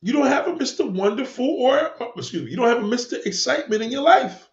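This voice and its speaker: A man with a high voice hosts a livestream and lectures his chat in a combative, preachy rant, cursing freely and repeating himself. His voice rings in an echoey room, and the recording is dull and lo-fi. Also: expressive, quick pace. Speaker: livestream host answering chat. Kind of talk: live-stream rant.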